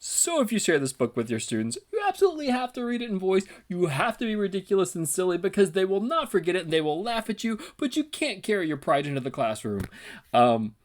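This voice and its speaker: A man, a teacher, talking casually in an instructional video, relaxed and rambling with many ums and uhs. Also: high-pitched, fast talker.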